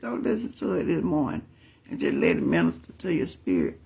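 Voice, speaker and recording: A man spins a family story for his followers, often laughing and calling on the Lord. His voice sits high and carries a gravelly, husky edge. His pitch jumps around with lively, animated swings. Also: brisk, lo-fi sound. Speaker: vlogger. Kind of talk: casual storytelling to viewers.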